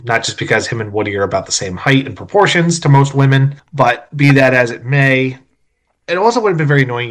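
A man's voice: on the low side, a bit bright. Man casually recapping a film. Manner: recaps plot, opinionated asides. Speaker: podcast co-host.

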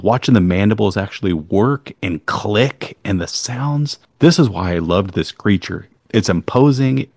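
Man, very low voice, dry close sound, excited film chat, swears a lot. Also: dry recording. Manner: enthusiastic, swears freely, loose phrasing. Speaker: podcast co-host. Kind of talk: casual movie discussion.

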